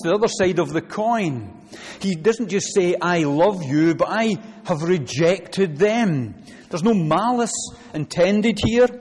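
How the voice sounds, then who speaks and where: A man's voice: on the high side, a little mellow, husky. A man preaching a sermon in a conversational way, often restarting phrases and acting out short quoted prayers. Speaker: pastor. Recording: reverberant hall with faint ambience.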